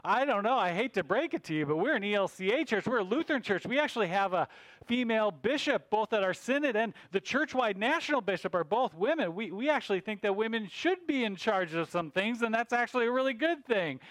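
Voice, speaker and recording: A man's voice: sits high, animated, a little fast, a bit bright, dry recording. A man hosting a church podcast, telling a joke story in a playful, rambling way into a podcast mic.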